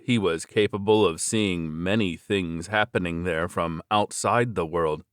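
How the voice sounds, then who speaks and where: A man narrating a web novel in a steady, measured reading voice. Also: deep voice, dry recording, clean studio sound. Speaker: audiobook narrator.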